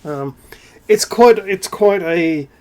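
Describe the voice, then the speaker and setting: A man's voice: sits high, expressive, slow, a little mellow. A man hosting his own channel, delivering a sarcastic, irreverent rant with swearing, bursts of emphasis and laughter. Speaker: channel host. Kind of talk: ranting solo vlog monologue.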